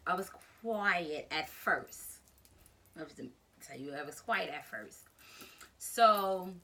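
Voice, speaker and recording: A young woman YouTuber telling a casual storytime to her channel, rambling and animated, with lots of fillers. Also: fairly low pitch.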